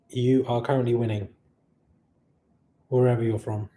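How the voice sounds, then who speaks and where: A tired man hosting a long live stream, chatting casually and reading out viewer messages, sometimes loud and sometimes quiet. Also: medium pitch, moderate pace. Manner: chatty, laughing, shifts between loud and quiet. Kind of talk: casual live chat reading super chats.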